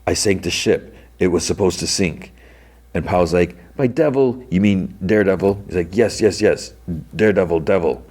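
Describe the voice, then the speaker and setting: A young man hosting a podcast, casually retelling TV scenes and slipping into quick character voices with lots of "he's like". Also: low voice, darkish tone. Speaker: podcast host recapping a TV episode.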